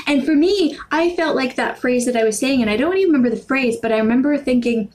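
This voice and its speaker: An American woman from the Northeast, with some Canadian-sounding vowels, vlogging casually about language, rambling and correcting herself, with quirky intonation that jumps up when she gets excited. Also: sits high, a little fast, rough recording. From New York and Pennsylvania, USA. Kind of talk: casual talking-to-camera vlog.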